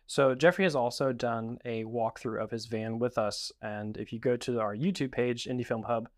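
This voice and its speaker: A man's voice: medium pitch, steady tone, normal speed, dry recording, studio quality. A man hosting a filmmaking podcast, talking in a laid-back, conversational way. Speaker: podcast host. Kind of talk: casual podcast interview.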